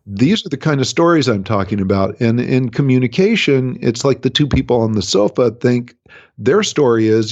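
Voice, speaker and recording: A man's voice: mid-range voice, expressive, moderate pace, a little mellow, no echo. A man, a relationship coach, explaining ideas in a casual radio interview, often changing his speed to make a point. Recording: dry, slightly dull radio recording.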